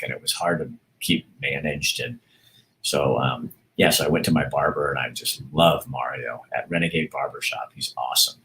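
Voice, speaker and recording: A man's voice: very deep voice, fairly bright tone. A man hosting a livestream, chatting casually and reading out viewer comments, often rambling and breaking off mid-sentence with laughs. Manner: rambling and self-interrupting, with laughs. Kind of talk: casual chat.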